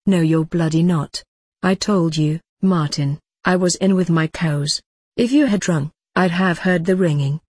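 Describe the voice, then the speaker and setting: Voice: medium pitch, measured pace, darkish tone, husky, no room sound. Narrator as a stubborn dairy farmer. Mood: defensive. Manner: defensive, insistent.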